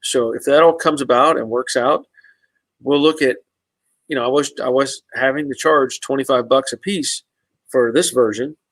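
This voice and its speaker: A man's voice: medium pitch, moderate pace, fairly bright tone, dry recording, poor audio. A man hosting a casual live stream, answering viewers' comments in an easygoing, rambling way with many fillers and restarts.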